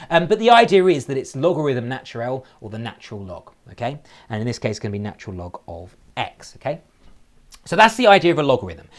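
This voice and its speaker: A man teaching a recorded maths lesson with a slightly high, very lively voice that rises and falls as he stresses each point. He slows down to spell out key phrases and tags nearly every sentence with a checking "okay?".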